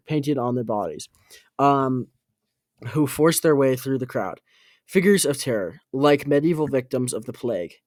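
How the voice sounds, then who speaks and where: A man reading an audiobook aloud, halting and correcting his own slips. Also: mid-range voice, no room sound, studio quality. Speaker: audiobook reader.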